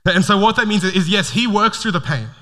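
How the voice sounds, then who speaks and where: A bright, forceful man preaching to his church, earnest and stumbling over the first words of his sentences. His voice rings through a church hall with a long reverb trailing after it, picked up on a stage mic. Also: sits high, animated, a little fast. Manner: earnest, repeats words when starting sentences. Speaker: pastor. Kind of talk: sermon.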